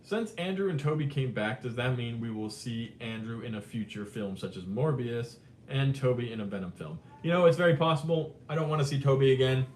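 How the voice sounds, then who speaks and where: A man hosting a live movie chat, talking casually and animatedly, swinging between excited and subdued. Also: fairly quick. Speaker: live stream host. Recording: roomy with faint rumble.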